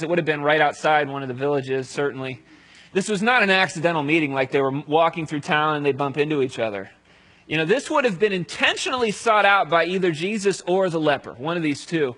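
A male pastor giving a conversational sermon, telling the story aloud and dropping to a hush at solemn moments. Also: fairly high pitch, low-quality recording.

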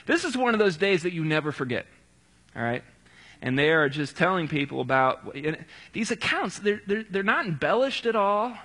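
Bright-voiced casual male preacher. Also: sits high, very animated, normal speed. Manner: casual and conversational, adds quips and asides. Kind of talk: sermon, retelling scripture.

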